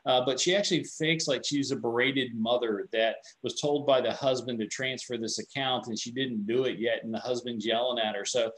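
A male security presenter giving an informal tech webinar lecture. His pitch sits mid-range. He talks loosely and conversationally, restarting phrases as he goes. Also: normal speed, hardly any pauses, rough recording. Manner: conversational, repeats and restarts words, animated storytelling.

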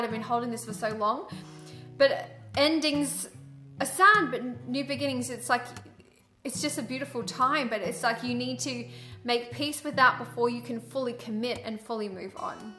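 Woman card reader, chatty and earnest, bright higher voice, echoey room with soft music behind. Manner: chatty, earnest, heavy use of "like". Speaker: tarot and angel card reader. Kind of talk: casual spiritual guidance vlog.

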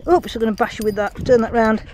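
A woman vlogging on a woodland walk, calling and praising her dogs in a sing-song way and musing quietly about the woods. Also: on the high side, fairly even intonation, quick pace, slight background noise. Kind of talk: casual outdoor vlog with dog commands. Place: woodland outdoors.

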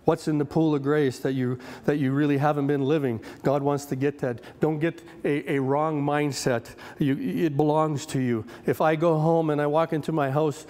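A man's voice: on the high side, fairly even intonation, normal speed, few pauses, darkish tone, big-room sound. A man in his fifties preaching a sermon as a guest speaker, in a conversational, story-driven way with frequent restarts and repeated words. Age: 50s. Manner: conversational, anecdotal, with many restarts.

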